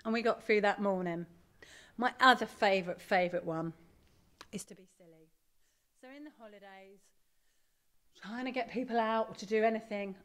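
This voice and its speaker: A middle-aged woman giving a candid, animated talk to an audience as a parent. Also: medium pitch, normal speed, pauses often. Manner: animated, candid, self-deprecating. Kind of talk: live presentation to an audience.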